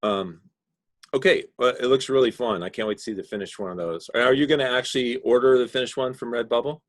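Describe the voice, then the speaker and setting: A man's voice: mid-range voice, quick pace, dry recording. Instructor, male, patient explainer, dry close sound on a video call. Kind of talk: giving design critique in class.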